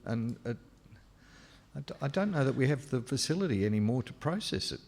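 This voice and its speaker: A man's voice: mid-range voice, expressive, fairly quick, gravelly, darkish tone. A man hosting a panel at a public talk, thoughtful and hesitant, with many restarts. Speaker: panel host. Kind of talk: panel discussion.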